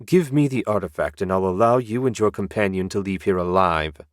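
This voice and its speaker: A man's voice: deep voice, brisk, no echo, clean studio sound, close to an everyday voice. A man voicing a cold, proud male necromancer lord in an audiobook, speaking in a haughty tone. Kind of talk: audiobook character voice.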